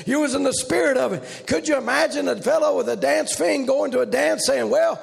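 A man preaching a revival sermon in a loud, rhythmic, shouting preaching cadence. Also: very high-pitched, brisk, vocal fry.

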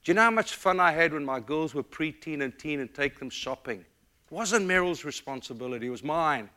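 Passionate preacher man, bright ringing voice. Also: fairly high pitch, expressive, brisk. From Africa. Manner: dynamic preaching, swings from loud emphatic to hushed and tender. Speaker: pastor. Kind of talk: sermon.

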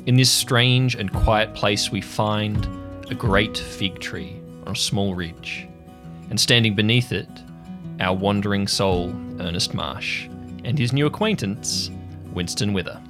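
Slow, deep-voiced male game master. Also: music in the background. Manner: slow, descriptive narration. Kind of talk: narrating a tabletop game.

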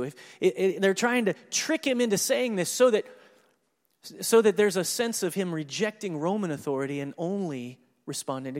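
A high-pitched man delivers a sermon with animated energy. He reads scripture and then dramatizes the exchanges, chuckling along the way. His voice rings with the long reverb of a large hall. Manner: animated, acts out scripture dialogue with laughs. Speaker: pastor.

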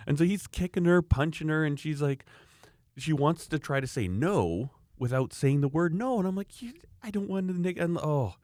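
A man's voice: fairly high pitch, expressive, moderate pace, a little mellow, no echo, studio quality. A man from Canada talking casually about raising children, emphatic and rambling, often restarting his sentences. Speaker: parent sharing views. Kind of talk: casual opinionated chat.

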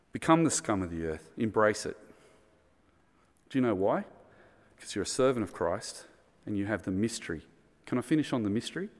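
A man's voice: medium pitch, a little mellow, big-room sound. A middle-aged man with an Australian accent preaching a sermon in an earnest, conversational way. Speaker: pastor.

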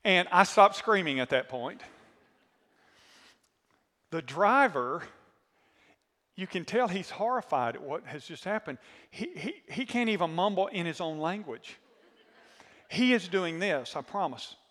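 A man preaching a sermon as pastor, telling a story with animated asides and questions to the congregation, his voice a little worn. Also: high voice, unhurried, long pauses, in a large hall. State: voice worn from screaming.

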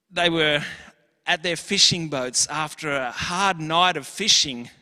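A man preaches in a church, earnest and emphatic. His voice sits a little high and rings bright. The hall behind him lets every phrase trail off in a long echo. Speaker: pastor. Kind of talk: sermon.

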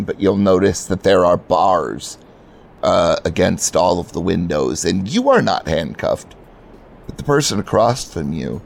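A drunk man narrates a tabletop game as game master, slow and rambling. His voice is gravelly, with a lively rise and fall through every loose sentence. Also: low voice.

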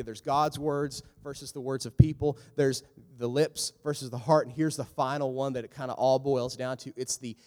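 A man preaching a sermon in an animated, casual way, breaking into jokes and quick impressions of the people in the passages he reads. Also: mid-range voice. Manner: animated, joking asides with quick voiced impressions. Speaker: pastor. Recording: echoey hall with long reverb.

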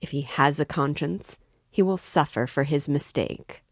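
A woman reading aloud, voicing a calm, brooding young man who answers in a measured way. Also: sits low, no echo, studio quality.

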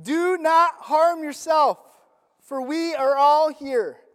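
Man playing a bold apostle, loud slow calls, high voice, long hall echo. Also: exaggerated voice. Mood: urgent.

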